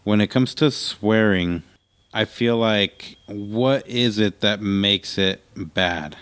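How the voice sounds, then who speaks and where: Deep-voiced laid-back podcast dad. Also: male voice, takes it slowly, a bit bright, clear, resonant tone, no echo. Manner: laid-back, swears freely, says "like" and "dude" a lot. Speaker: podcast co-host. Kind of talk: casual chat.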